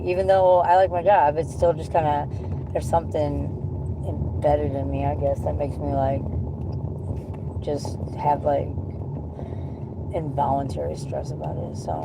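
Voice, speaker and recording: A woman with a low voice rambles through a profane, frustrated vent to the camera. She talks from inside a car, and steady vehicle noise runs under her voice. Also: gravelly. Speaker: vlogger. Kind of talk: casual venting monologue.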